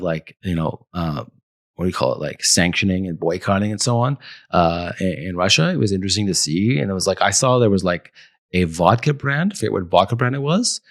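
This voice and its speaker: A man's voice: sits low, no room sound, studio quality. A man co-hosting a marketing news show, reading quotes aloud and rambling with lots of fillers. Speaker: podcast co-host. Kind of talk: casual chat about marketing news.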